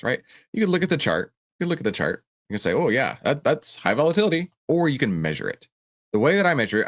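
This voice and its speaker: A man hosting a livestream Q&A, talking with passion and acting out voices of other people. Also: on the low side. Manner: passionate, animated, mimics a panicking trader. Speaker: host answering viewer questions. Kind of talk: livestream Q&A on stock trading.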